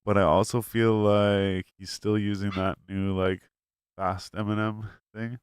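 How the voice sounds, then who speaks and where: A man's voice: lowish voice, little pitch movement, unhurried, clean tone, no room sound, studio quality. A young man, co-hosting a podcast in casual chat, rambling and swearing with lots of fillers. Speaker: podcast co-host. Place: home studio.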